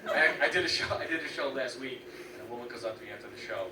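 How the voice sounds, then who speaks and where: A man's voice: mid-range voice, rapid-fire. A young man performing a stand-up comedy set, telling stories and acting out the voices of people in them. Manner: animated storytelling, acting out quoted voices. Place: comedy venue with a live audience. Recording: echoey room, distant mic, loud background noise.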